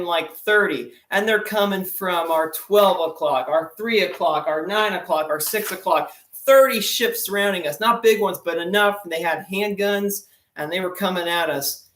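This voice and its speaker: Young male comic, slightly high voice, chatty and rambling, roomy echo. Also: a bit bright. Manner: chatty, rambling storyteller with lots of fillers. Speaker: stand-up comedian. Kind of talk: joke-telling sea stories. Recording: echoey room.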